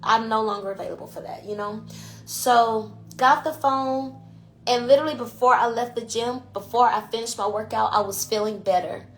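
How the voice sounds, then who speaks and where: A woman's voice: fairly high pitch, steady tone, normal speed, slight background noise. A woman podcast host and intuitive coach talking in a casual, emphatic monologue, often tagging "you know" onto her points. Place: IG Live recording.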